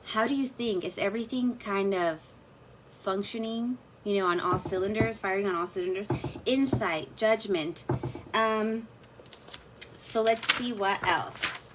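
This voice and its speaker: A woman's voice: medium pitch, unhurried, background noise. A woman giving a casual, chatty psychology lesson, full of fillers and self-corrections. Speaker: psychology teacher. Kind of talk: casual lecture.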